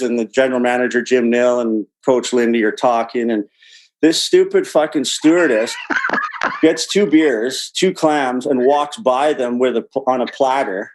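A man spins a meandering anecdote full of swearing and small laughs. His voice sits at a plain middle pitch. He talks as an interview guest looking back on his playing days. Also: poor audio. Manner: rambling, profane, laughs mid-story. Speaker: guest, former hockey player. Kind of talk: casual storytelling.

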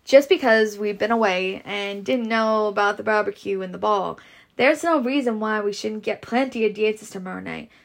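A woman's voice: medium pitch, moderate pace, creaky, natural voice. A woman reading a story aloud and voicing eager young male twin suitors in a boyish, pleading manner.

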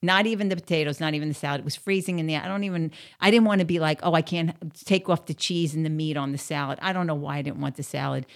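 A woman's voice: deep voice, fairly even intonation, fast talker, few pauses. A woman telling a casual story to the camera, chatty and blunt, with plenty of swearing and filler words.

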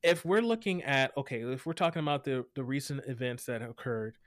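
Man guest on an interview, earnest, lots of restarts, mid pitch, dry close sound. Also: a little fast, dry recording. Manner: earnest, many restarts, animated. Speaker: guest, equity educator. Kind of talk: interview conversation.

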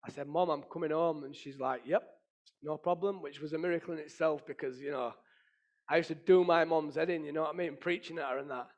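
A man's voice: fairly high pitch, fairly even intonation, quick pace, lo-fi sound. Earnest man sharing his testimony. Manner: earnest, emotional storytelling with many fillers. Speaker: testimony speaker. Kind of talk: personal testimony.

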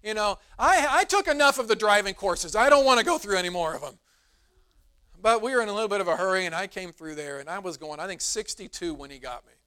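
A middle-aged man, a pastor preaching a sermon in a church, telling a folksy story in a relaxed, conversational way. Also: high-pitched, quick pace, clean tone. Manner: rises to emphatic preaching. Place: church sanctuary.

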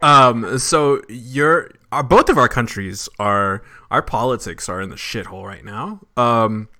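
A man hosting a casual interview podcast, chatty and quick to laugh. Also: medium pitch, bright, forceful tone. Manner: laughs easily, loose and chatty. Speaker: podcast host.

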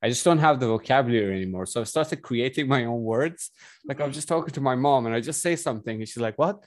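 A man's voice: mid-range voice, fast, no echo. Rambling young man from Iran. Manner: rambling, self-interrupting, joking. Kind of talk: casual chat.

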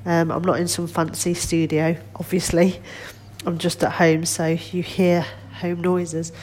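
A woman's voice: lowish voice, level tone, unhurried, darkish tone. A middle-aged woman vlogging casually from her kitchen at home, chatty and rambling, nasal and congested with a cold. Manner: chatty, rambling, self-deprecating. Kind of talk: casual chat.

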